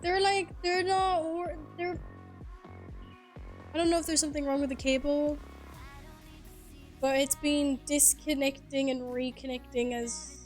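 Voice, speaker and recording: This young woman, a native Swedish speaker, streams a game live into her headset mic with a high voice. She's chatty and lively in casual conversation, cursing without restraint and laughing often.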